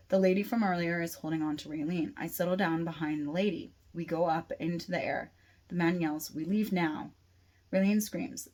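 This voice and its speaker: Woman narrator, author reading her novel, low-set voice, steady first-person audiobook read. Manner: steady reading with occasional restarts.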